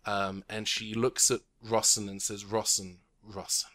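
A man's voice: fairly low pitch, little pitch movement, a little slow, a bit bright. Man narrating a tabletop game. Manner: descriptive, many fillers. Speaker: game master. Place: home, recorded remotely.

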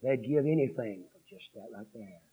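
A man preaching a revival sermon, swinging from hushed storytelling to shouted 'uh'-punctuated cadences. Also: medium pitch, normal speed, breathy edge. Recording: dull lo-fi sermon recording.

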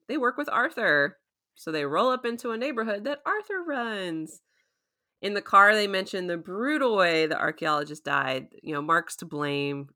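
A woman's voice: fairly low pitch, pushed and bright. A woman hosting a casual podcast, chatty and laughing often as she recaps a show and acts out quotes. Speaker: podcast host.

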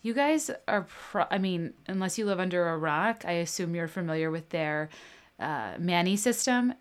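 Woman podcast host, low voice, chatty, self-deprecating ad read. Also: expressive, normal speed, clear, resonant tone.

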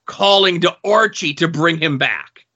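A man's voice: fairly high pitch, measured pace, sharp tone. A man co-hosting a podcast, telling a behind-the-scenes story in casual, teasing chat with some swearing. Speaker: podcast co-host, show insider. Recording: muffled lo-fi sound.

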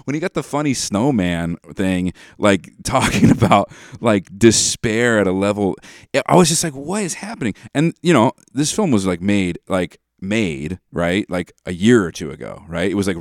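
A man's voice: deep voice, normal speed, no room sound. Dry-voiced man rambling in casual talk. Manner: animated, rambling with many fillers, acts out lines. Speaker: podcast host. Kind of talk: casual monologue.

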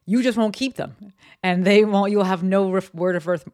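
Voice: mid-range voice, moderate pace, darkish tone, clear, resonant tone. A podcast host from New Jersey talks through a casual solo business episode from a home office, chatty and candid, with lots of ums and likes. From East Coast US, New Jersey.

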